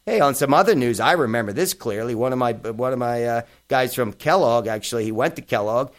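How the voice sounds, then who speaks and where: A man's voice: medium pitch, a little fast. A middle-aged man hosting a podcast, giving blunt, profane opinion commentary in a casual style. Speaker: podcast host.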